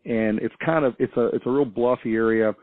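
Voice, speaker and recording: A man's voice: medium pitch, fairly even intonation, a little fast, no room sound. A man calling in to a radio show, telling a story in a rambling, hesitant way with many restarts. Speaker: caller. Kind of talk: casual storytelling on a call-in show. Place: small farm town. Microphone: phone. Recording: tinny phone line, dry.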